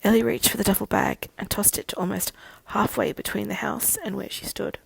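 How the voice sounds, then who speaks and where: Gravelly husky woman narrating a story. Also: mid-range voice, steady tone, a little fast, dry recording, poor audio. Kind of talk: fan fiction audiobook reading.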